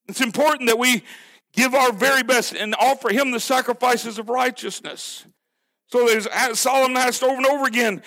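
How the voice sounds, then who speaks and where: A man preaching a sermon, emphatic and full of rhetorical questions, sometimes sinking low and quiet to drive a point home. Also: fairly quick.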